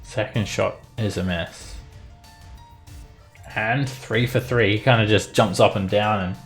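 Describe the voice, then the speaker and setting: Gravelly, lower-voiced man running a game. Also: steady tone, a little slow, soft background music. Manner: laughs often while narrating, many fillers. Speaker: game master. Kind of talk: narrating a tabletop game.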